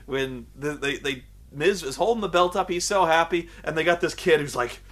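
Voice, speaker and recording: A man's voice: on the high side, moderate pace. A man reviewing a wrestling show in a casual, sarcastic rant. He swears freely and drifts off on tangents. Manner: animated, profane, sarcastic, goes off on tangents. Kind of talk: casual ranting commentary.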